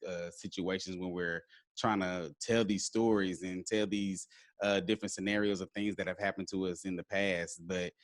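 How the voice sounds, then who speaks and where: A man co-hosting a mental health podcast, talking gently and encouragingly with many fillers. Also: sits low, steady tone, moderate pace, no echo. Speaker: podcast co-host. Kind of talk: casual interview chat.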